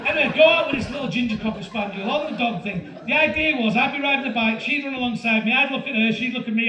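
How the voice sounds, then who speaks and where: A man in his fifties doing a stand-up comedy set, telling a story with animated delivery and loud shouting bursts. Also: extremely high pitch, brisk, heavy background noise. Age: 50s. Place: comedy venue with live audience. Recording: roomy live-venue sound from a distance with crowd. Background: audience laughter.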